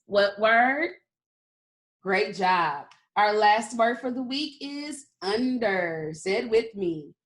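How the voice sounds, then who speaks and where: A woman teaching a kindergarten phonics lesson online, upbeat and deliberate, drawing out letter sounds for children to repeat. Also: on the high side, fairly bright tone, poor audio.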